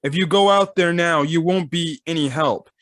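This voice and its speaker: A man's voice: a little high, normal speed, fairly bright tone, no echo, clean studio sound, close to an everyday voice. A man reading as a brash, defiant young fighter.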